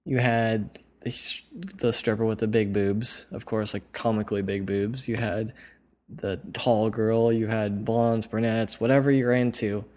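A man's voice: lowish voice, steady tone, unhurried, darkish tone. A young man hosting a podcast, telling a casual, rambling story full of "like" and "you know.". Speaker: podcast host.

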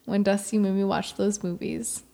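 A woman's voice: mid-range voice, flat delivery, moderate pace, creaky, warm tone. A young woman chatting casually with friends, rambling and filling her speech with "like". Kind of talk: casual chat.

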